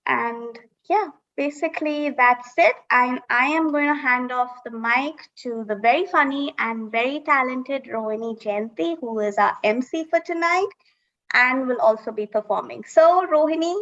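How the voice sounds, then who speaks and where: A woman's voice: sits high, moderate pace, fairly bright tone, dull audio. A woman organizing an open mic, giving housekeeping notes hesitantly, with many fillers, before handing over to the emcee. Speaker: event organizer.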